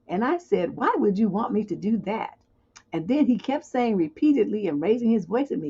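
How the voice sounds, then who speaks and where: A woman's voice: mid-range voice, big pitch swings, moderate pace, darkish tone, slightly rough, lo-fi sound. A woman hosting a livestream advice show, reading viewer questions aloud and answering them with blunt, joking frankness. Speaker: relationship advice host.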